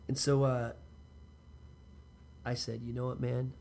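A man with a gravelly, fry-edged voice at an ordinary middle pitch spins a loose, profane personal story. He talks straight to the listener and wanders into asides, and a faint hum of ambient noise sits behind him. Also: level tone, moderate pace, pauses often, a little mellow. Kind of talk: casual personal storytelling monologue.

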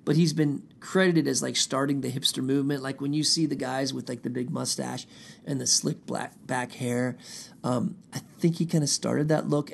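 Over slight background noise, a medium-pitched man with vocal fry rambles through a long personal tale. He swears freely and retells it with animation, often slipping into quoted voices of others.

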